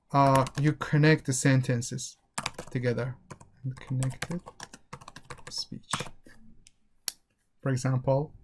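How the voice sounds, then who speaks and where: A man teaching an exam-prep English lesson online, explaining patiently and demonstrating phrases by repeating them with different intonation, with a Persian accent. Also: medium pitch.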